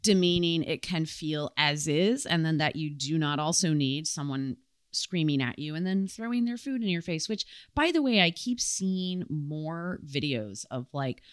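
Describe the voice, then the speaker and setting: A young woman co-hosts a casual podcast, reading headlines aloud and acting out what people said. Her voice sits on the low side but moves a lot in pitch. The sound is dry and close. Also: unhurried, clear, resonant tone, dry recording. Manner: animated, reads out headlines and acts out quotes. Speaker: podcast co-host. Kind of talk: casual chat.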